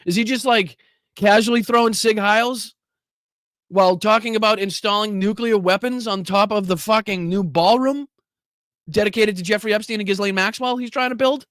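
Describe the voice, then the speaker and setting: A man's voice: sits high, steady tone, moderate pace, fairly bright tone, dry recording, studio quality. A male political commentary host reacting to clips on a live stream, swearing and laughing often in disbelief. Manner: profane, incredulous, laughs often.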